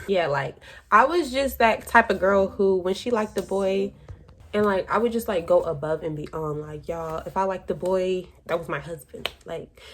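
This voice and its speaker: A young woman telling a casual storytime to her viewers, chatty and dramatic, full of "like" and "y'all.". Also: mid-range voice. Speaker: vlogger. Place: room with her sister asleep behind her.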